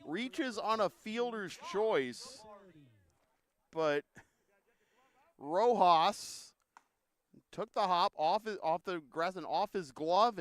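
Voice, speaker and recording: A man with a Boston accent calling a baseball game, chatty and joking between pitches. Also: slow, pauses often. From Massachusetts. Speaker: play-by-play announcer. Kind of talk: baseball commentary.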